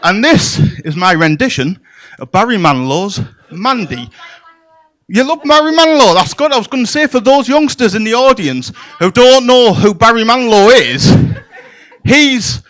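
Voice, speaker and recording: Lively high-voiced comic. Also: male voice, moderate pace. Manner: bawdy, playful, deadpan asides to the crowd. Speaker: stand-up comedian. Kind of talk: stand-up comedy set. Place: comedy club stage.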